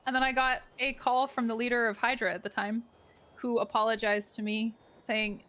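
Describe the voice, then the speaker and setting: A woman's voice: fairly high pitch, moderate pace, slight background noise. Chatty woman telling stories in role-play. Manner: chatty, animated storyteller. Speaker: role-play player character. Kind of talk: casual in-character role-play chat.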